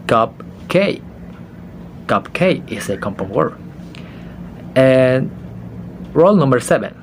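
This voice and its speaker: Slow-talking young student, Spanish native. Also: male voice, medium pitch, very animated, a little hiss or hum. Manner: halting, spells out letters, self-corrects. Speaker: student giving a class presentation. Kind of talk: slow explanatory class presentation.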